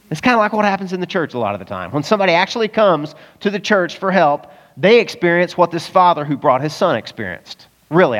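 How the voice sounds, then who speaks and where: Fairly high-voiced guy preaching, chatty and animated, acts out voices, long church hall echo. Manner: animated, acts out voices of Bible characters, chuckles often. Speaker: pastor. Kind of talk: conversational sermon.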